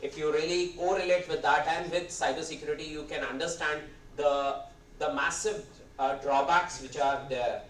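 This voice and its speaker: A man's voice: fairly high pitch, steady tone, normal speed, fairly bright tone, slight background noise. A man in his fifties with an Indian English accent, giving a rambling, hesitant guest lecture while nursing a sore throat. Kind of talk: conversational lecture. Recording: roomy hall, distant mic, faint ambience.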